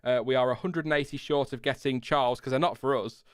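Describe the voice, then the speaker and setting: A man's voice: mid-range voice, steady tone, fast talker, clean tone, no echo, studio quality. A young man hosting a casual live-stream chat, reading out viewer comments with chatty asides and laughs. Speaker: podcast co-host.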